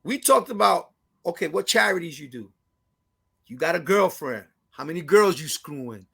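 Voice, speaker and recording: A comedian and radio host, Puerto Rican and from New York with that city's Puerto Rican accent, tells stories during a casual interview as a guest. Fairly high and creaky, his voice moves at a moderate pace as he animatedly swears, slips in Spanish and acts out whoever he's quoting.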